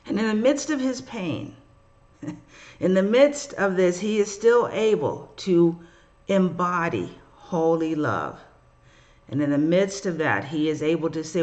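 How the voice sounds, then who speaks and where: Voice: mid-range voice, highs cut off. A spiritual reader and podcaster giving a casual, emotional teaching monologue and acting out biblical figures in slangy voices.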